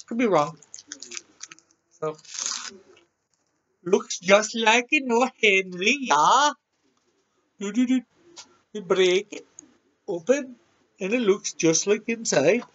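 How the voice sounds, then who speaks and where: A man's voice: sits high, lively intonation, slow pace, long pauses, a bit bright, muffled recording. A man reviewing a snack in a casual vlog, chatting easily and talking with his mouth full. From Canada. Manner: chatty, eats while talking.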